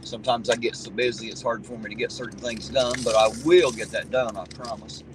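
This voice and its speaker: A man's voice: mid-range voice, steady tone, a little fast. Folksy man talking over car noise. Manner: rambling, folksy, reads viewer comments aloud. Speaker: livestream host reading chat. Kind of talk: casual chat. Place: inside a car while driving. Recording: car road noise behind the voice.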